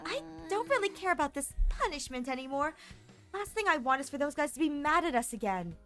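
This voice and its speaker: A young woman streaming a game, gushing and animated as she comments and reads lines aloud. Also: high voice, brisk, faint music behind. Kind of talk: let's play commentary.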